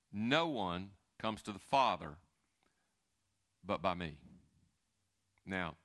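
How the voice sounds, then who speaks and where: A middle-aged man preaching a sermon in a conversational, animated way, with asides and restarts. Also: mid-range voice, measured pace, pauses often. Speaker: pastor.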